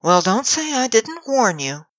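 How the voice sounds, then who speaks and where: A woman's voice: fairly high pitch, very animated, unhurried, no room sound, pitched above the performer's own voice. A woman voicing a sarcastic magic mirror spirit that mocks and teases in a dry, theatrical way, in a slightly dull audiobook recording.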